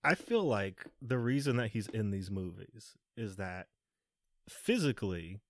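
A man's voice: on the low side, lively intonation, unhurried, dry recording, studio quality. A man hosting a casual film-review podcast, critiquing in a rambling, filler-heavy way. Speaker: podcast host.

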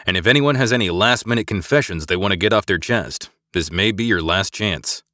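A man reading a gruff, wry ship captain. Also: on the low side, a little fast, sharp tone, dry recording, studio quality. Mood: commanding. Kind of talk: scripted audiobook acting.

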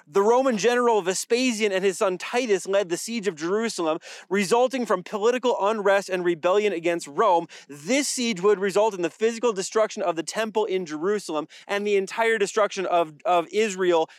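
Male pastor, high voice, conversational sermon delivery with wry asides, dry recording. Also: brisk, few pauses, no echo. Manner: conversational preaching with dry jokes and repeated phrases.

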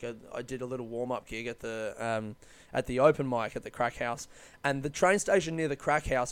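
A man spins a meandering travel anecdote, swearing casually and correcting himself as he goes. His voice is smooth and clear and sits a little high for a man. The recording is dry, with no room sound. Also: dry recording. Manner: loose, sweary, rambling with many fillers and self-corrections. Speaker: comedian telling a travel story. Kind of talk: casual storytelling monologue.

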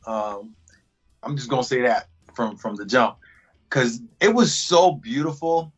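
A man's voice: medium pitch, measured pace, breathy edge, muffled recording. A man, an actor, telling stories from a shoot in a casual interview, laughing often as he goes. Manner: laughing, animated storyteller.

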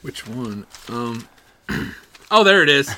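A man co-hosting a podcast, telling stories in animated, casual, profane banter. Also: medium pitch, slow, a little hiss or hum. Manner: animated storyteller, swearing, laughing often. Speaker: podcast co-host.

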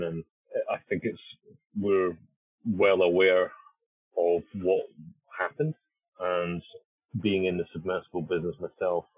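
A man's voice: low voice, slightly rough, dry recording. A man co-hosting a podcast from a research ship over a satellite call, talking in a rambling way and repeating himself. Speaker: podcast co-host, deep-sea scientist. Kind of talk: casual talk over satellite link. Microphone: satellite internet call. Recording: narrow phone-like call line.

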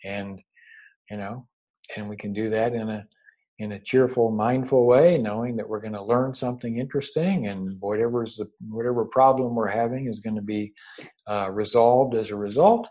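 A man giving a spiritual teaching over a video call, unhurried and gently reassuring, often repeating his words. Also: lowish voice, steady tone, dull audio. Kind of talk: meditative spiritual talk. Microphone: own microphone over a video call.

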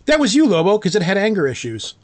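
A man's voice: high voice, wildly swooping pitch, fast talker, slight background noise. A man hosting a podcast, reading news items with dry sarcastic comments and steering the talk. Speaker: podcast host. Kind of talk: casual chat, reading news aloud.

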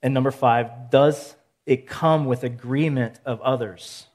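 A male pastor giving a measured sermon, teaching point by point and asking rhetorical questions. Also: medium pitch. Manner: steady, counts points aloud.

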